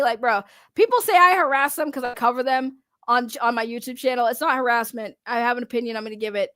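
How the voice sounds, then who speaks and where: A woman's voice: fairly high pitch, moderate pace, fairly bright tone, dry recording, clean studio sound. A woman streamer giving casual, sarcastic live commentary, rambling with restarts and laughs.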